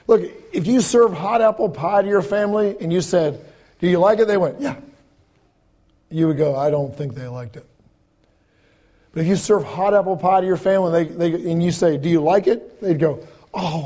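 A man preaching a sermon in a conversational way, repeating words and swinging between loud emphatic lines and soft, low ones. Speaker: pastor.

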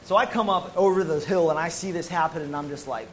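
An American man, a former Marine medic, telling a personal testimony to an audience in an animated, emphatic way with casual slang. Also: on the high side, fast talker, a little hiss or hum, low-quality recording.

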